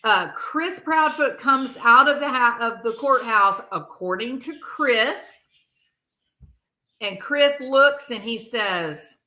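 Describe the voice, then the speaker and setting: Slow-talking bright-voiced woman commentator. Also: fairly high pitch. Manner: animated, sarcastic, acts out quoted people. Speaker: true crime commentator. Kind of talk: casual commentary.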